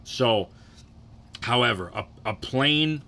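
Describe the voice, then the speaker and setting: A man's voice: medium pitch, lively intonation, slow pace, bright, forceful tone. A young man ranking cereals in a casual, profane, rambling way, getting worked up and restarting his sentences.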